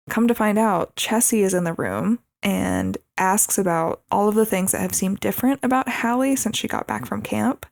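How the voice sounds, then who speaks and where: Young woman co-host, mid pitch, fry, dry close mic, easygoing. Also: no echo. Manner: relaxed, agreeable, quick short replies. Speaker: podcast co-host. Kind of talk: casual movie recap chat.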